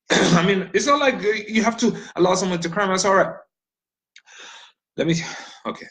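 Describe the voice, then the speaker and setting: A man's voice: high-pitched, moderate pace, fairly bright tone, rough recording. A man from Nigeria delivering an impassioned, blunt monologue, swearing freely and firing off rhetorical questions. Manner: blunt, profane, ranting.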